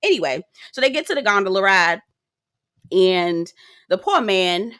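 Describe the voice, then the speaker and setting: A woman's voice: mid-range voice, big pitch swings, a little slow, a bit bright, dry recording, clean studio sound. A woman giving a sassy, profanity-laced casual recap of a TV show, laughing often as she talks. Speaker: TV recap reviewer. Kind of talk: casual commentary.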